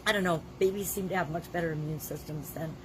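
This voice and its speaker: Fast and low-pitched, a woman in her sixties talks through her daily video journal despite a cold. Her throat is scratchy and she coughs from time to time, but she stays blunt and emphatic as a vlogger.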